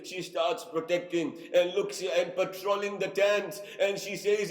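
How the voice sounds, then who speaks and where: A high-pitched man preaches in an impassioned narration that swells into cries. He repeats his phrases as the story builds. A long, roomy reverb surrounds him, as in a large hall. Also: fairly even intonation, a little slow, few pauses. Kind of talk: emotional sermon narration.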